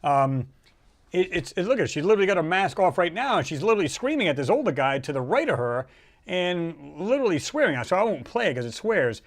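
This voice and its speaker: A man hosting a casual livestream, rambling and animated as he reads out viewer comments and reacts to them. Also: sits high, fast. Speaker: livestream host.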